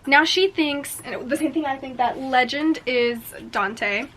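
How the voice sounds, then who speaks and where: A young woman chatting casually in a reading vlog, excitable, gasping and swearing as she reacts. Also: high-pitched, a little slow, a little hiss or hum. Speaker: book vlogger.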